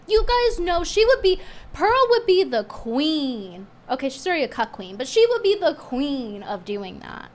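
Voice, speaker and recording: Sarcastic, animated woman streamer. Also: high-pitched, unhurried. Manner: animated, sarcastic, rising to indignant outbursts. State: losing her voice a little. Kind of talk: casual stream commentary.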